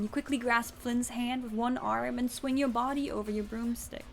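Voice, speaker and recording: Young woman streamer, fry-heavy voice, casual and chatty, reads a story game aloud. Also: a little high, fairly even intonation, normal speed, slight background noise. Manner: chatty, swears casually, talks to chat and her cat. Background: faint music.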